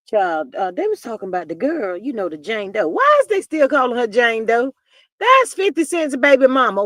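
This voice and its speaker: A woman hosting a casual gossip livestream, telling stories in a folksy, animated way and reading viewers' comments aloud. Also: mid-range voice, no echo. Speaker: livestream host.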